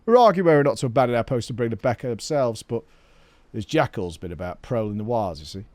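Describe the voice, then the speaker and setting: A man voicing a matter-of-fact male gate guard in a video game, speaking low and brisk. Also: lively intonation, darkish tone, no echo, natural voice.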